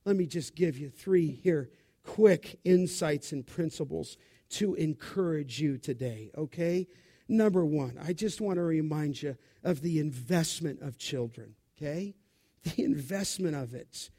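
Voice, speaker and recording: A man preaching a sermon, with an animated, expressive delivery. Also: a little high, a little slow.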